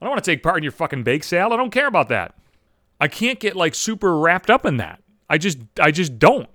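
Foul-mouthed man ranting, lively pitch. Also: brisk, dry recording, clean studio sound. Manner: swears constantly, exasperated ranting. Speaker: monologue speaker. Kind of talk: profane comedic rant.

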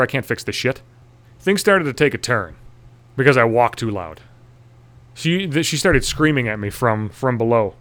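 A man's voice: medium pitch, fairly bright tone. A young man telling a comic story as an exasperated, profanity-heavy rant. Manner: swearing, exasperated.

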